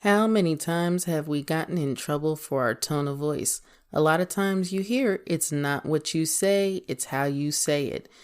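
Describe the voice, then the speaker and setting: A woman hosting her podcast, talking through her thoughts in a relaxed, conversational monologue with a touch of self-deprecating humor. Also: sits low, a little slow, few pauses, a little hiss or hum. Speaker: podcast host.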